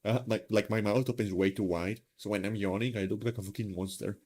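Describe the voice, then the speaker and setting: A man's voice: fairly low pitch, steady tone, fairly quick, a little mellow. A man hosting a live stream, chatting casually in a rambling, self-mocking way with lots of fillers. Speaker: streamer host.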